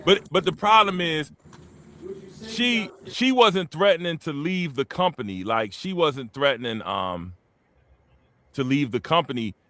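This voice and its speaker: A man's voice: fairly high pitch, a little slow. A man hosting a podcast, telling stories in a casual, slangy, profane way and acting out the people he quotes with laughs. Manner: animated, acts out quotes with laughs. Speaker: podcast host. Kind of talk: casual storytelling chat.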